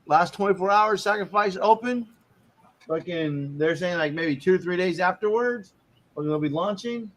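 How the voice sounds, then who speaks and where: A man with a high voice in a relaxed group chat. He swears casually and makes fun of himself. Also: moderate pace. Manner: relaxed, profane, self-deprecating.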